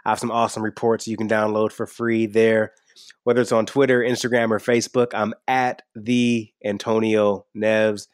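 A man's voice: on the low side, level tone, normal speed, clean tone, dry recording, clean studio sound. A man speaking as a podcast guest in a casual, earnest and enthusiastic way, repeating words when he is emphatic. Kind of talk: casual interview talk.

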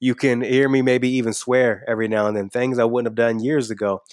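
A man's voice: mid-range voice, fairly even intonation, brisk, a little mellow, dry recording, clean studio sound. A man speaking as a podcast guest in a casual, earnest and enthusiastic way, repeating words when he is emphatic. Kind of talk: casual interview talk.

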